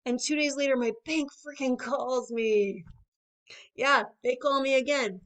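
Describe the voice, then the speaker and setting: A woman's voice: high-pitched, fairly even intonation, measured pace, a bit bright. A young woman doing conversational stand-up comedy, chatty with lots of filler words and rising asides to the crowd.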